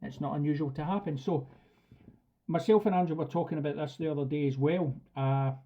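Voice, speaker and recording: A man's voice: a little high, fairly quick, highs cut off. A man teaching a live dog training class in a chatty, direct way. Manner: chatty and direct, acts out commands. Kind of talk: live online class talk.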